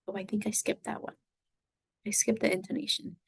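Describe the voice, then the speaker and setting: A woman teaches a Spanish lesson in a recorded classroom session, explaining patiently step by step and moving between English and Spanish. Her medium-pitched voice is gravelly and husky, with a flat delivery and slightly fast pace. The audio is poor, with no room sound.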